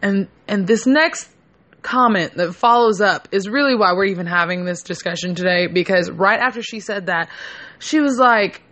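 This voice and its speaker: A young woman spins a casual story in a bright, sharp voice. She is brash and profane, throwing herself into it and acting out what her friends said. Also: medium pitch, lively intonation, moderate pace.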